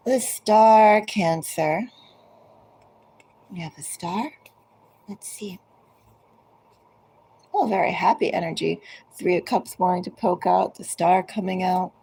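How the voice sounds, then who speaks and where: A woman tarot reader talks straight to each zodiac sign, unhurried and musing. Her voice is low and mellow, with a gravelly edge and a husky grain. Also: rough recording. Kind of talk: collective tarot reading.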